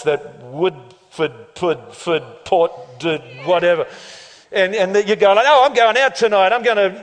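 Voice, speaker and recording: A man preaching a lively, joking sermon as pastor of a church, laughing often and building to loud climaxes. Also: sits high. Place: church auditorium. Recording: long reverb of a large hall.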